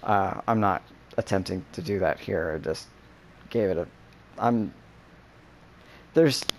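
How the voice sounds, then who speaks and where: A man in casual chat, rambling with many fillers and breaking into profane, animated rants. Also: deep voice, measured pace, a little hiss or hum.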